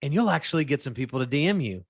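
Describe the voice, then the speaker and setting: A man's voice: a little high, sing-song, rapid-fire, vocal fry, no echo. Candid, opinionated man hosting a podcast. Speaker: podcast host. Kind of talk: casual podcast chat.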